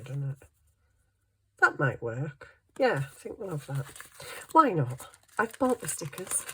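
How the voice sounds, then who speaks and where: A middle-aged craft vlogger chats casually and thinks aloud while working on a craft project, chatty and self-deprecating. Her voice is deep yet a bit bright, with slight background noise.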